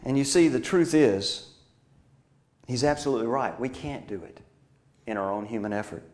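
An earnest male preacher delivering a sermon to his congregation. He pushes some lines with force and lets others sink to a hushed, intimate murmur. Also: medium pitch, normal speed. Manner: earnest, swings from emphatic to hushed.

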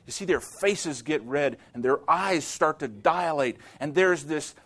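A pastor preaches a sermon in a fairly high, gravelly voice, slow and deliberate. He swings dramatically between loud declarations and lines spoken nearly in a hush.

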